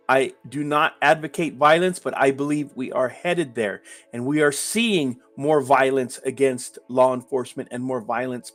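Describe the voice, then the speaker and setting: Guy ranting on his livestream, slightly high voice, hammers words over and over, joking with chat. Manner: emphatic, repetitive ranting with mock chat banter. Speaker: livestream host. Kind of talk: live stream chat. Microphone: webcam framed at the beard.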